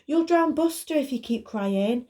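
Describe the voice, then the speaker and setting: Lady doing a sweet worried girl, begging everyone to calm down, higher voice. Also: unhurried. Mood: anxious. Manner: pleading and soothing. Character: kind, anxious young girl.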